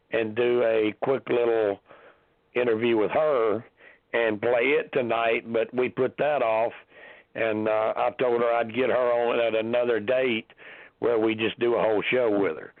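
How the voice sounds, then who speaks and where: A hoarse man with a sinus infection, hosting a casual call-in podcast and rambling with many ums and restarts. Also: medium pitch, no echo. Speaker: podcast host. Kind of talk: casual call-in show chat. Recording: tinny phone-line audio.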